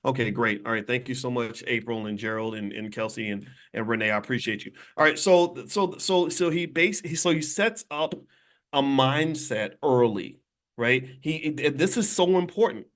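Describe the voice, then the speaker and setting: A man with a mid-range, slightly bright voice speaks at normal speed. He's a financial commentator and channel host streaming live on his phone from a hotel room, talking to viewers directly in an emphatic, preachy way.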